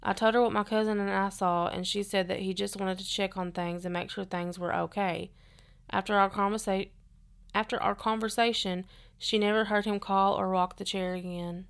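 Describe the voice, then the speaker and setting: A woman reads eerie listener stories aloud on a podcast. Her voice sounds smooth and clear, and her delivery stays steady and earnest. Her pitch sits in the middle range. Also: moderate pace. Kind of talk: reading stories aloud, casual chat.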